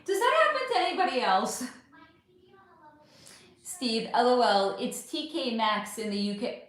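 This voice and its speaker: A woman's voice: fairly high pitch, big pitch swings, measured pace. A young woman hosting a casual livestream, reading out chat and answering with laughs and casual swearing. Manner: chatty, laughing, swearing freely. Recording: very echoey room.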